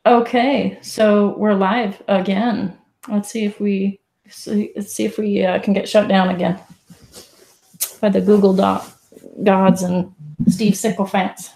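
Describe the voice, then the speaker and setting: A woman's voice: medium pitch, flat delivery, unhurried, creaky, dark tone, echoey room. A woman with a Californian accent, hosting a casual live-stream chat and talking chattily with lots of "like". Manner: chatty, lots of "like", upswing endings. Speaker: stream host.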